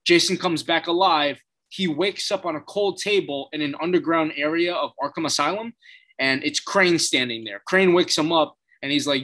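A man's voice: a little high, normal speed, sharp tone. A man recapping a TV episode in a casual, blunt way, swearing and using plenty of fillers. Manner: blunt, profane, frequent fillers.

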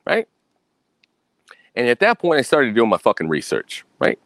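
A man's voice: medium pitch, huge pitch swings, moderate pace, long pauses, a bit bright, no room sound. An American man telling a story in a blunt, profane rant, keeping up a "right?" after his points. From United States. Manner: keeps asking "right?". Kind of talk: casual profane monologue.

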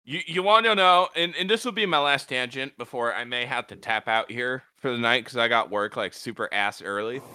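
A man's voice: mid-range voice, fairly quick, hardly any pauses, bright, forceful tone, clean tone, no room sound. A man, a podcast guest, talking in casual chat, exasperated and swearing a lot.

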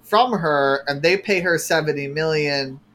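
Podcast co-host, mid-pitch, profane and exasperated, chatty retelling. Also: measured pace, a bit bright, slight background noise. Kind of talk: casual chat recapping a show.

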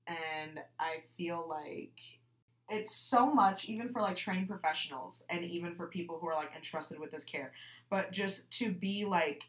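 A woman co-hosting a casual true-crime podcast, thinking out loud with many fillers, recorded in a bathroom. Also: on the low side, a little slow. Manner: musing, lots of "like" fillers. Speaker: podcast co-host. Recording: echoey bathroom.

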